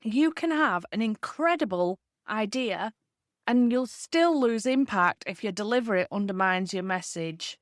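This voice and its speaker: A woman talks straight to listeners in a solo podcast, coaching them earnestly and leaning on key words. Her voice sits at a middle pitch. The sound is dry and close, with no room around it. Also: lively intonation, no room sound. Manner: earnest, coaching tone with measured emphasis. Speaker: podcast host and leadership communication coach.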